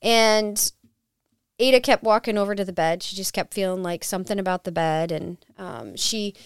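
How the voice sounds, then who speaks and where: A woman guest on a podcast, telling her paranormal investigation story in a casual, animated way and acting out quotes. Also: mid-range voice, moderate pace, clean tone, no echo, clean studio sound.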